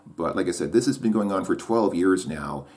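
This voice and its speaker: A man's voice: sits low, animated, normal speed, darkish tone. A man talking to camera in a casual vlog monologue, rambling and repeating himself. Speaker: vlogger.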